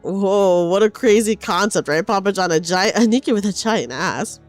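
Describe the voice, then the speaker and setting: A woman streamer chatting casually with her viewers during a game, animated and chatty. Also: medium pitch, normal speed, soft background music. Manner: animated, chatty, reads chat aloud.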